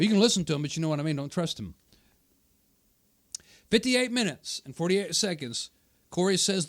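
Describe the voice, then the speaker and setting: A man hosting his channel, combatively rebutting a debate opponent's quoted remarks and hammering his points through repetition. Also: fairly high pitch. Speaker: channel host. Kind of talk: argumentative commentary on a debate video.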